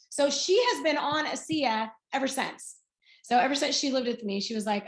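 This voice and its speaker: Speaking as a guest on a video call, a woman in her sixties recounts her own story in a chatty manner, performing bits of dialogue as she talks. Her voice sits high at a moderate pace, with roomy echo in the recording.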